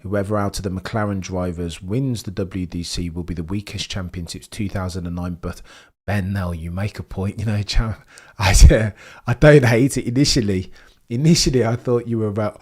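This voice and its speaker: A man casually commentating a race live, chatting to viewers and getting excited over lap times. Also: fairly low pitch, moderate pace, slightly rough. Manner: chatty, excitable, talks to chat by name.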